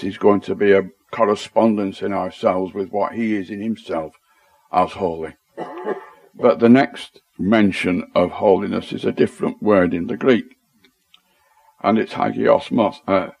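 Low-voiced man with a Lancashire accent. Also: darkish tone, no room sound. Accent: Lancashire English. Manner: tentative and self-deprecating, reads out word meanings with frequent restarts. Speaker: Bible study participant. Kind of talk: casual group Bible study discussion.

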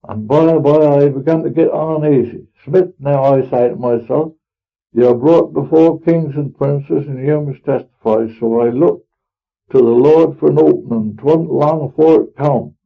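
On a tinny, phone-like old recording, a man with a fairly high, gravelly voice and moderate pace reads a dramatic monologue in character. He plays an elderly, pious, plain-spoken farmer with a rural Norfolk dialect, telling his tale in a homely, earnest, rambling way.

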